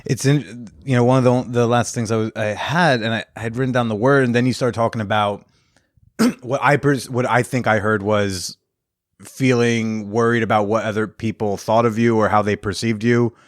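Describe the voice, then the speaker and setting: A man hosting a podcast interview in casual chat, halting and supportive, often restarting his sentences. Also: mid-range voice, fairly even intonation, no room sound, studio quality. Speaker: podcast host.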